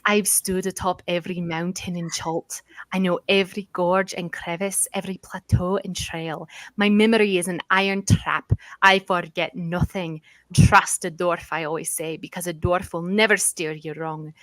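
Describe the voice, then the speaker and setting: A woman's voice: lowish voice, fairly even intonation, normal speed, a bit bright, no room sound, lightly acted. A woman doing a bragging Scottish dwarf guide. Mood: boastful. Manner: gruff, bragging. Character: boastful one-armed old dwarf guide, male.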